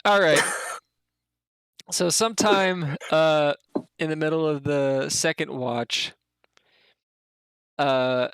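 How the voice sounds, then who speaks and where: A man's voice: on the high side, steady tone, takes it slowly, long pauses, fairly bright tone, clean tone, dry recording. A man narrating a tabletop game as game master, rambling with fillers and laughing often.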